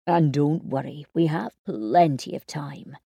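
A woman voicing a patient, gentle older father who speaks reassuringly. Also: deep voice, a little slow, creaky, slightly rough, no echo, exaggerated voice.

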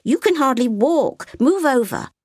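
A woman's voice: sits high, big pitch swings, a little slow, darkish tone, husky, no echo, studio quality, pitched above the performer's own voice, heavily acted. A woman voicing a piping, insistent little girl. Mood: curious. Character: curious small girl, bold and demanding.

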